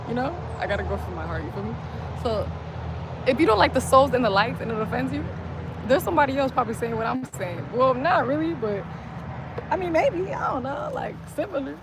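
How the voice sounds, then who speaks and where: A woman livestreaming outdoors by a street, chatting casually and rambling, saying "like" constantly, into a phone. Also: a little high. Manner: says "like" constantly, loose and rambling. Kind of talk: casual rambling stream chat. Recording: loud outdoor street noise.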